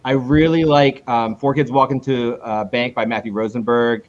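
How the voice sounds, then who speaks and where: A male comic book creator being interviewed in a casual chat. He rambles, restarts himself and jumps up in pitch when he retells conversations. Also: steady tone, moderate pace, lo-fi sound.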